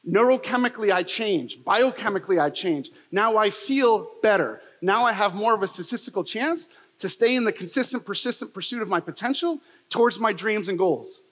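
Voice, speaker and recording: A man's voice: sits high, animated, fairly quick, fairly bright tone. Guy doing a motivational keynote, punchy repetitive storytelling, long hall echo. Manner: emphatic, repetitive, storytelling delivery. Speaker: motivational speaker. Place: large event hall. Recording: long reverb of a large hall.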